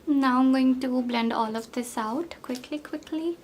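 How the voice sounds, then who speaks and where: A young woman with a somewhat high voice, chatting her way through a get-ready-with-me makeup routine. She rambles, piles on fillers and pokes fun at herself. Faint noise sits behind her. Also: measured pace, a little mellow. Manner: rambling, filler-heavy, self-deprecating. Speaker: beauty vlogger.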